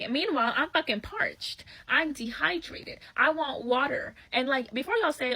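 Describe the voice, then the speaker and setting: A young woman telling a dating story in a casual vlog, animated, slangy and profane, acting out what people said. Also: fairly high pitch, fairly quick, low-quality recording.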